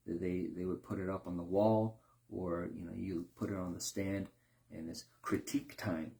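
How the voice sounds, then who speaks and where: A man talking casually in a reflective monologue, with many fillers and restarts, briefly acting out other people in a higher voice. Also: level tone, moderate pace, gravelly, mellow. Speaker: speaker sharing reflections.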